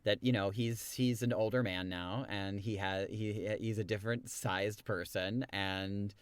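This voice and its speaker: A man co-hosting a podcast, chatting casually, reacting quickly and laughing often. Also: fairly low pitch, steady tone, clear, resonant tone, dry recording. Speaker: podcast co-host. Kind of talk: casual chat.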